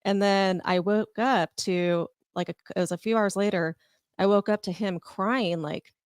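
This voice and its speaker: A woman's voice: medium pitch, fairly even intonation, normal speed, clean tone, dry recording. A woman co-hosting a podcast, telling a personal story in a rambling, filler-heavy way. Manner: rambling, many fillers, laughs as she tells it. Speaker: podcast co-host. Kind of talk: casual storytelling.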